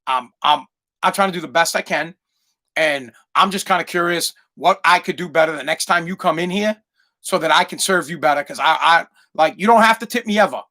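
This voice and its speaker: A man's voice: a little high, fairly quick, pushed and bright. A man hosting a solo podcast, ranting in a profane, emphatic way. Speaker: podcast host.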